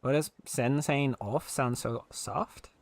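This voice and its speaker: A man's voice: mid-range voice, takes it slowly, vocal fry, no room sound. A man with a South African accent, a streamer chatting playfully and laughing often with friends while gaming. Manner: giggly, eager, pleading playfully. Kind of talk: casual chat over voice call while gaming.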